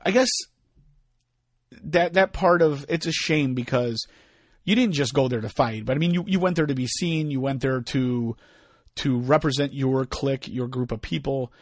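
A man's voice: mid-range voice, normal speed, no echo, studio quality. A middle-aged man co-hosting a podcast in casual chat, telling stories and acting out the people he quotes. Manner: animated storyteller, acts out quoted voices. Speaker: podcast co-host.

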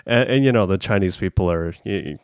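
Male podcast host, low voice, relaxed conversational, dry sound. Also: quick pace, clear, resonant tone, dry recording. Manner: relaxed, laughs often, repeats words when starting. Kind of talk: casual chat.

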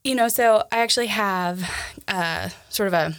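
Woman, Minnesota accent, young adult, podcast co-host, casual rambling chat, gravelly fry, dry close sound. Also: mid-range voice, normal speed, fairly bright tone, no room sound. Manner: chatty, many fillers and restarts.

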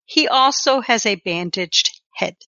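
A woman's voice: on the high side, unhurried, no room sound, muffled recording. Woman game master narrating scenes. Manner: descriptive, steady narration.

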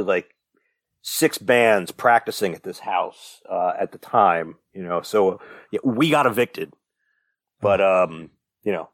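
A man's voice: lowish voice, no echo, studio quality. A young man, a podcast co-host, rambling through a casual story with lots of fillers and the odd swear. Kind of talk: casual chat.

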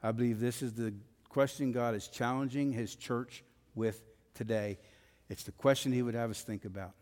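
A man's voice: medium pitch, steady tone, moderate pace, a little mellow. Man, pastor, sermon, emphatic cadence, long hall reverb. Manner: emphatic, rising and falling preaching cadence. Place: church sanctuary.

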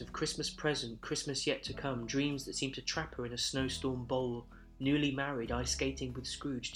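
A man reads a Christmas story in verse at a medium pitch, his delivery measured and rhythmic. Soft guitar music plays quietly behind him. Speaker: narrator.

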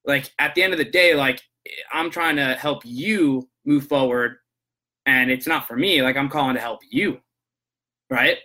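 A man with a bright, forward voice talks through his podcast in a loose, rambling monologue. He keeps circling back with restarts and asides, and his tone turns earnest as he gives motivational advice. He speaks at a middling pitch. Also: unhurried. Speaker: podcast host. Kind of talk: casual monologue, storytelling about work calls.

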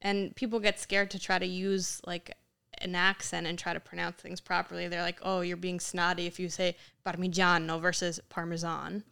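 A young woman chatting on a podcast, her voice crackling with heavy fry yet bright and clean. She tells her stories animatedly and slips into the voices of the people she quotes. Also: on the low side, normal speed. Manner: animated storyteller, acts out quotes in Italian. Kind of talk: casual chat.

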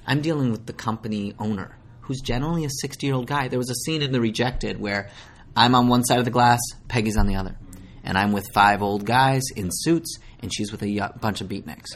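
A young man from Minnesota, an actor guest in a casual interview, talking in an animated, self-deprecating way with many restarts. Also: medium pitch, a little fast, slight background noise.

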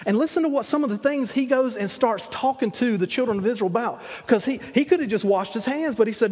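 Preacher, male, high husky voice, folksy storytelling sermon, long hall reverb. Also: quick pace, few pauses, a little mellow. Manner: retells scripture as vivid, conversational storytelling with frequent restarts.

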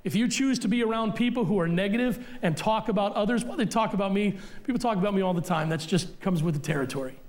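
A middle-aged pastor delivers a sermon in a church, blunt and forceful. His voice sits high for a man, and he hammers his points home by repeating them. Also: fast talker, few pauses. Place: church sanctuary.

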